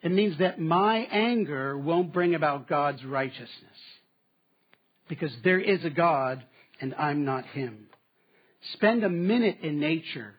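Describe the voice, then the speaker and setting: A man preaching a sermon, moving between strong statements and quiet asides. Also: on the high side, lively intonation, a little slow, breathy edge. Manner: dynamic preaching, dropping to quiet asides with laughs. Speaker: pastor. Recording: slightly dull, muffled sound.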